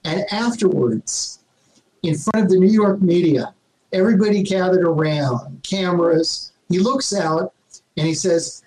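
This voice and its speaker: A man's voice: high voice, lively intonation, normal speed, rough recording. A man speaking as a guest public speaker in an emphatic, upbeat motivational manner, often tagging on rhetorical questions. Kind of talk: motivational talk.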